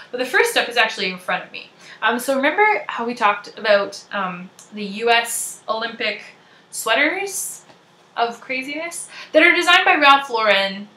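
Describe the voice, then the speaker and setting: A woman's voice: fairly high pitch, bright, forceful tone, roomy sound. A young Canadian woman hosting a podcast, chatting casually in a bubbly, giggly way. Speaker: podcast host. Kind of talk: casual chat.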